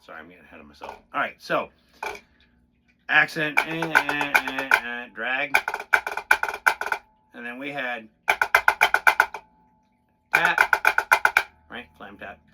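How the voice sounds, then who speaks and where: Over loud music and a drum pad, a man with a mid-range voice and big pitch swings talks slowly, leaving long pauses. He's a drummer casually walking through rudiments in a loose, rambling, profane way, counting the beats aloud as he goes.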